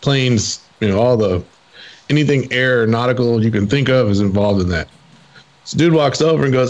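A man's voice: mid-range voice, normal speed. A race team man telling a story in a casual, easygoing way. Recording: slightly muffled audio.

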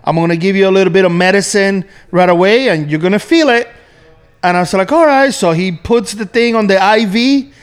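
A man chatting casually, relaxed and easygoing as he tells a story. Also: high voice, brisk, smooth. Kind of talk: casual chat.

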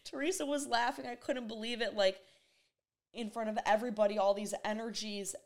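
A woman's voice: medium pitch, fairly even intonation, fairly quick. A young woman vlogging, telling a personal story in a rambling, emotional way, full of "like". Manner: rambling and emotional, heavy use of "like". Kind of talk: casual storytelling to camera.

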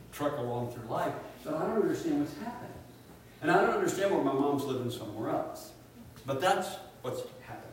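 A middle-aged man preaches at a retreat, telling a personal story with animated swings and hushed asides. His voice sits a bit high for a man. He is recorded from a distance in a very echoey room with faint hiss. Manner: animated storyteller, drops to hushed tones for quoted family.

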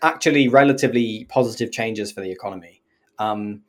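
A woman with a very deep voice talks fairly quickly as a podcast co-host, explaining the rules in casual chat. She laughs often, swears now and then, and puts on silly accents for single words.

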